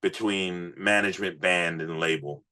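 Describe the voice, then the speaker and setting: A man, a rock musician guest, telling road stories in a casual, swearing, animated way on a podcast. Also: sits low, moderate pace. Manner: profane, animated storyteller. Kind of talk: casual storytelling interview.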